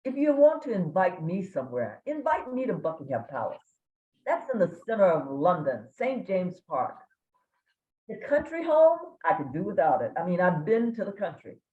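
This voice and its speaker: An older woman from Kentucky giving a guest lecture, telling a humorous story with dramatic pauses. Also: on the low side, big pitch swings, warm tone. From Kentucky, USA. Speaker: guest speaker. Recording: echoey room, tinny phone-like sound.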